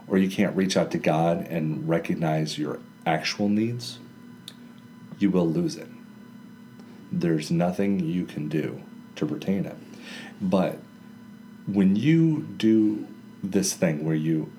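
Low-pitched and dark in tone, this man's voice belongs to a co-host of a relaxed Bible study conversation held in a library. He talks through scripture, illustrating ideas with everyday examples.

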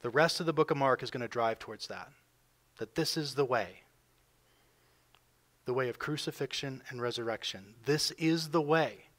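A man preaching a sermon as pastor, building emphasis and swinging between loud pushes and quiet drops. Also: medium pitch, moderate pace, long pauses. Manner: emphatic preaching, voices quoted figures with rising force.

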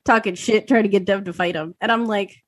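A woman in her thirties co-hosting a podcast, telling an animated story with lots of swearing and acted-out quotes. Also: medium pitch, brisk, no echo. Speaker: podcast co-host. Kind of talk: casual chat.

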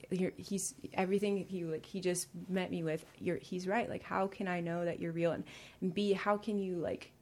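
A woman's voice: fairly low pitch, steady tone, normal speed, a little mellow. A woman guest on a podcast sharing her personal faith testimony, rambling with many fillers and restarts, emotional and laughing through near tears.

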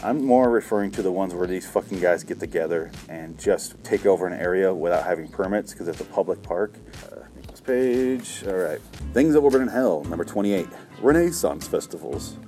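A man's voice: low voice, animated, normal speed, warm tone, faint music behind. A man hosting a comedy show, reading a list aloud and going off on a profane, sarcastic, exasperated rant. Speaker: comedy podcast host. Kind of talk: ranting comedic commentary reading from a book.

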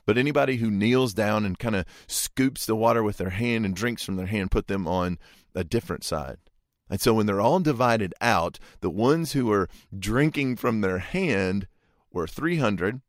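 Low-voiced man preaching a story. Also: animated, normal speed, dry recording, clean studio sound. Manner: folksy, imagines aloud, asks listeners rhetorical questions. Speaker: pastor. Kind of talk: conversational sermon storytelling.

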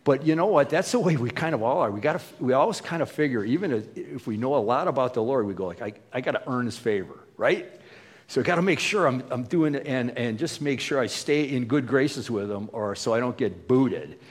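Man preaching, husky voice, casual storytelling, long hall echo. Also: mid-range voice, expressive, brisk. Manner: conversational storytelling with fillers and restarts. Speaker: pastor. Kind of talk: sermon.

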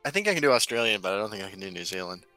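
A bright, forceful male voice, laid-back and quick to laugh, swearing now and then as he chats. Faint music runs underneath. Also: lowish voice, big pitch swings, dry recording. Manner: laid-back, swears, laughs often, reads chat aloud. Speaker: stream co-host. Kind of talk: casual chat.

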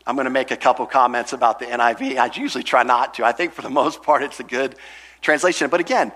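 A man's voice: medium pitch, expressive, quick pace, fairly bright tone. A pastor teaching an expository sermon to his congregation in a conversational way, with asides.

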